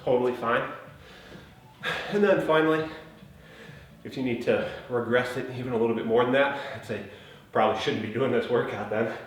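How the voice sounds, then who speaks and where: A man's voice: mid-range voice, moderate pace. Breathless man in an echoey room. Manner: relaxed, chatty, huffing between phrases. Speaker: fitness trainer. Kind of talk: casual workout instruction. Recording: very echoey room, mic at a distance, faint noise.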